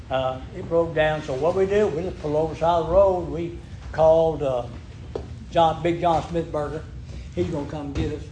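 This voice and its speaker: An older man, telling ministry stories in a folksy, chuckling, repetitive way. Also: fairly high pitch. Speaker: ministry worker. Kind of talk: folksy testimony storytelling. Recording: echoey room with background noise.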